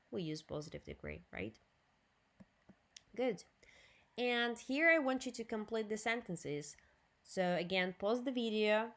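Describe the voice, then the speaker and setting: This woman speaks with a Ukrainian accent and teaches English vocabulary and grammar in a recorded lesson. She keeps a slow, deliberate pace and drills each word clearly for her students. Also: mid-range voice, fairly bright tone. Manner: slow, clear drilling with switches to Russian explanations.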